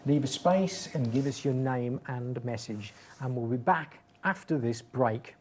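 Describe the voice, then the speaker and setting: A man's voice: mid-range voice, measured pace, hardly any pauses, warm tone, slight background noise. A man hosting a TV talk show, chatty and backchanneling often, with small restarts. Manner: chatty, with frequent mm-hmms and restarts. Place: TV studio.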